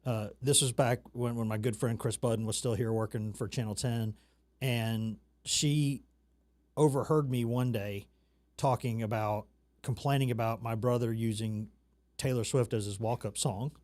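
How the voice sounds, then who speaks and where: A man's voice: medium pitch, steady tone, moderate pace, darkish tone. A man from the American South hosting a casual chat, talking in a loose, rambling, self-mocking way. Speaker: talk show host.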